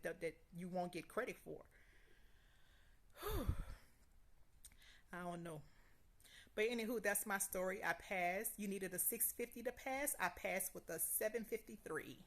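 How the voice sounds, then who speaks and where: A woman telling a personal story in a casual vlog, animated and repetitive, acting out dialogue with a friend. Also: mid-range voice. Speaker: vlogger.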